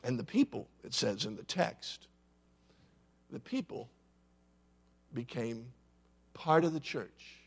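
A man preaching a sermon, telling the story in a dramatic way with sudden drops from loud to hushed. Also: mid-range voice, sing-song, slow, long pauses, breathy edge. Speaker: pastor.

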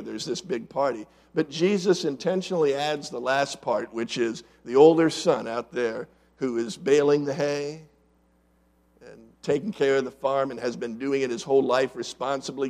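With a creaky, mid-range voice, a pastor preaches his sermon, questioning the congregation rhetorically. He moves back and forth between loud, emphatic lines and quiet side remarks.

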